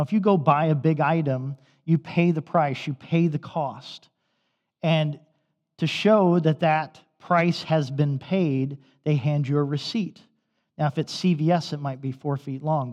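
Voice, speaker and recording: A man's voice: a little high, fairly even intonation, measured pace, darkish tone. A male pastor preaching a sermon in a church, telling stories in a conversational way. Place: church sanctuary. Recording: dull recording with long hall reverb.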